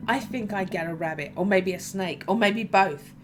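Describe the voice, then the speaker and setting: A woman's voice: medium pitch, normal speed, close to an everyday voice. Woman playing a bubbly teenage daughter. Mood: eager. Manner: eager, bubbly. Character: excitable teenage girl, daughter. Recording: music playing behind.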